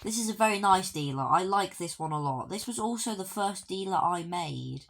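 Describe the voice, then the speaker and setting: A woman's voice: medium pitch, animated, moderate pace, fairly bright tone. A woman giving a casual walkthrough commentary of a video game, with dry, offhand joking asides. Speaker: gaming video creator.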